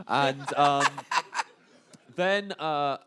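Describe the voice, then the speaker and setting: A man's voice: on the high side, very slow, heavy background noise. A man comedian telling a rambling festival anecdote in casual chat, laughing often between lines. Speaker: comedian guest telling a story. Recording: radio studio banter.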